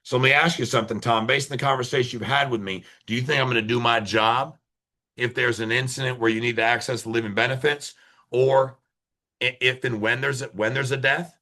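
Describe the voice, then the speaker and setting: A man's voice: medium pitch, steady tone, fairly quick, pushed and bright. A middle-aged man giving a motivational sales talk, firing rhetorical questions and acting out phone calls with shifting speed and emphasis. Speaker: sales trainer, insurance agency founder.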